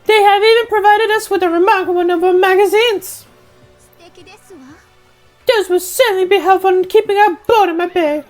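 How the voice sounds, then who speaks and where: Woman reading as a high, mannerly teen boy, calm and curious, faint game music behind. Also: brisk, pauses often.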